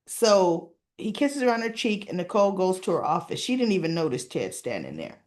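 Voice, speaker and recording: A woman's voice: on the low side, big pitch swings, brisk, darkish tone. A woman talking casually as she recaps a soap opera episode, with frequent asides asking the listener "right?".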